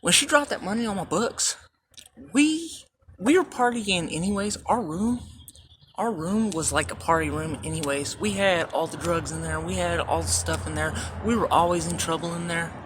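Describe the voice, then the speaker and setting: A woman's voice: fairly low pitch, moderate pace. Woman vlogger, casual storyteller, swears freely, laughs through anecdotes, faint background hum. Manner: profane, laughing, rambling anecdotes.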